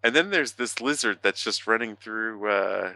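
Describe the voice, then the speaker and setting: A man's voice: fairly low pitch, animated, creaky, bright, forceful tone, no room sound. A man co-hosting a podcast, rambling through a casual chat full of fillers and the odd swear word. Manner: rambling, profane, halting with many fillers. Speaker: podcast co-host.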